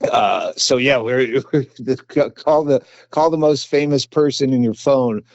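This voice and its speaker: A middle-aged man, a comedian guest, chatting casually on a podcast in a halting, rambling way with dry humor. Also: medium pitch, dry recording, dull audio.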